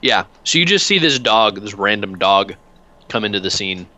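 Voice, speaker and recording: A man narrating a tabletop game as game master, relaxed and full of filler sounds. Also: on the low side, normal speed, highs cut off, background noise.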